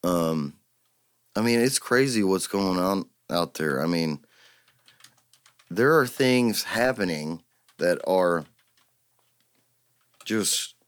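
A man hosting a solo podcast, ranting heatedly and swearing constantly. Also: low-pitched. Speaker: podcast host.

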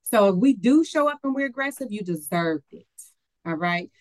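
A woman's voice: mid-range voice, lively intonation, normal speed, no echo, low-quality recording. A woman in her forties co-hosting a casual discussion show, blunt and emphatic, her voice rising when she stresses a point. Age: 40s. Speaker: podcast co-host.

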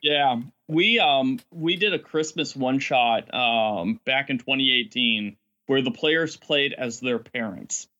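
Male game master guest, rambling storyteller, medium-pitched voice, lo-fi muffled audio. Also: takes it slowly, few pauses. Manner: rambling, animated storytelling with frequent laughs. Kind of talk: casual podcast chat.

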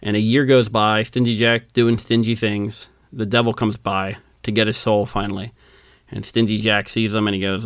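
Low-voiced man telling a story with laughs. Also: level tone, moderate pace, clear, resonant tone, dry recording, clean studio sound. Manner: laughs often, acts out quoted characters. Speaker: podcast co-host. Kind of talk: casual storytelling chat.

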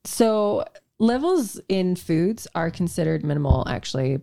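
A woman co-hosting a health podcast in casual chat, talking fast with restarts and sarcastic asides. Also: fairly low pitch, very animated, creaky, dark tone. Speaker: podcast co-host, health practitioner. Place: home podcast room.

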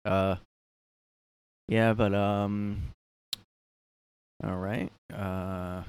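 A man's voice: lowish voice, unhurried, long pauses. A man hosting a casual solo podcast from his room, rambling with lots of fillers and a sardonic edge. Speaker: podcast host.

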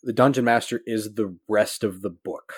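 Emphatic low-voiced male podcast host. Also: moderate pace, breathy edge, dry recording, studio quality. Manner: animated, emphatic, swears casually. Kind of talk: casual podcast chat.

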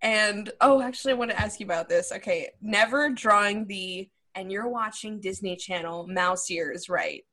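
A woman's voice: mid-range voice, normal speed, few pauses, pushed and bright. A woman hosting a podcast, giggly and laughing often. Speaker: podcast host. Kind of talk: casual podcast conversation.

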